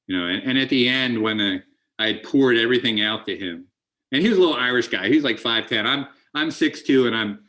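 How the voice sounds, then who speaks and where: A man's voice: medium pitch, brisk, bright, forceful tone. A middle-aged man speaking at a recovery meeting, telling his story in an earnest, emotional way with many restarts. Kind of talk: recovery talk.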